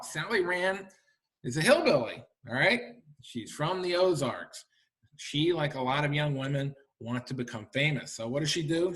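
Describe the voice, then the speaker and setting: In a library talk room, a middle-aged author and historian gives a lively lecture to an audience, chatty and packed with rhetorical questions. His voice is fairly high.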